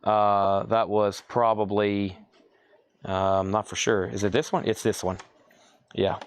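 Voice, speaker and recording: A man's voice: on the low side, little pitch movement, a little slow, a little hiss or hum. A man hosting a live online sale, calling out prices and buyers' names and thinking aloud as he sorts items indoors. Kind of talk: live auction selling.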